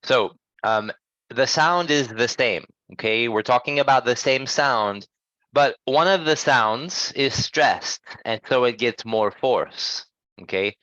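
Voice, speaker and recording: A man's voice: mid-range voice, slow pace, a bit bright, no echo, dull audio. A man teaching English pronunciation in a class, speaking patiently and checking in with his students often. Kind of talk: online pronunciation lesson.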